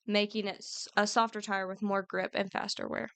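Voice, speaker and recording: Woman cohost, smooth clear voice, dry sound, laughs a lot, trips over reading. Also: medium pitch, level tone, brisk, hardly any pauses, fairly bright tone, dry recording. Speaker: podcast co-host. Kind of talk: casual chat, reading notes aloud.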